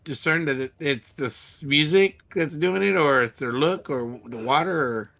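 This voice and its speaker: Man, tabletop player, bright tense voice, halting questions, casual chat. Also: fairly high pitch, vocal fry. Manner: inquisitive, halting restarts.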